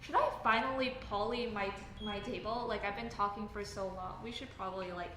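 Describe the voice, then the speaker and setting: A Canadian woman chatting on a relaxed livestream, her tone bright and forward. She rambles with constant fillers and restarts. The audio is captured in an echoey room with a faint hiss underneath. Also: medium pitch, a little fast, hardly any pauses. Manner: rambling, filler-heavy, self-correcting. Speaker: livestream host reading chat. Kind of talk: casual live chat while building.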